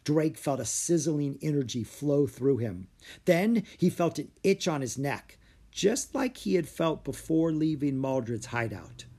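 A man narrating a children's adventure story with an expressive, storyteller's delivery. His voice sits slightly high for a man and swings widely in pitch. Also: a little slow. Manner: expressive reading. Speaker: audiobook narrator.

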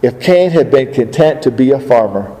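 A man's voice: medium pitch, expressive, moderate pace, warm tone, in a large hall, low-quality recording. A man preaching a sermon, asking the congregation rhetorical questions and acting out the voices of biblical figures.

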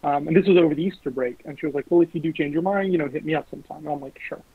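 A young man with a slightly higher voice, husky and a little rough, tells lively anecdotes full of swearing and quick impressions. The sound is dry and narrow, like a phone line. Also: no room sound. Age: young adult. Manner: animated, swearing, mimics voices in quotes. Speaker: guest. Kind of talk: casual storytelling. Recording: lo-fi phone-like recording.

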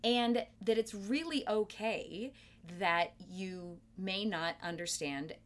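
In an interview, a middle-aged woman who directs theatre explains terms thoughtfully and carefully, clearly enthusiastic about her craft. Her voice sits at a medium pitch and she speaks slowly.

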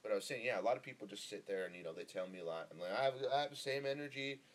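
A man's voice: on the low side, expressive, racing. A young man from Northern California hosting his own podcast in a rambling, profane, laid-back solo monologue full of fillers, speaking close into the mic. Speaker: podcast host. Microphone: close podcast microphone.

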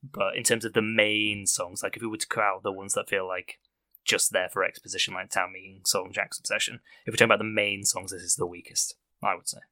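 A man's voice: lowish voice, flat delivery, a little fast, bright, forceful tone, no room sound. A man hosting a casual film podcast, chatty and giggly, often laughing as he talks. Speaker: podcast host.

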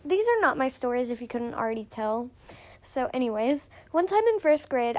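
Young woman vlogger with a high voice. Rambles and chats while reading stories aloud. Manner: chatty, rambling, many fillers. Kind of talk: casual reading and commentary.

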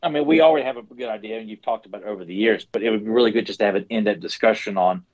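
A man's voice: lowish voice, lo-fi sound. A man co-hosting a podcast, rambling in casual chat. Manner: rambling, quick talker. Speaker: podcast co-host.

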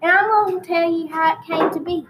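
A woman putting on a deliberately exaggerated rural Texan accent to play a rambling old country storyteller with folksy asides. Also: extremely high pitch, steady tone, background noise. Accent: put-on rural Texan.

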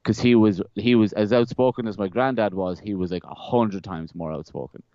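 Smooth low-voiced young man, rambling chat. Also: a little fast, dark tone, no room sound. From Ireland. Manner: rambling, repeats words, laughs often. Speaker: podcast guest. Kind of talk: casual conversational storytelling. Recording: slightly dull, dry close-mic sound.

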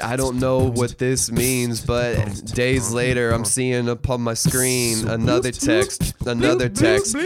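A man rapping a comedy song in a bemused, deadpan way. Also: mid-range voice. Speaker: rapper. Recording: over loud music.

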